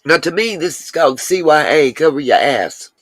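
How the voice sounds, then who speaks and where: In a recording with a little hiss or hum, a woman with a deep, animated voice hosts a casual livestream. She's chatty, speaks straight to the audience, answers their comments on the fly, and indulges in long asides.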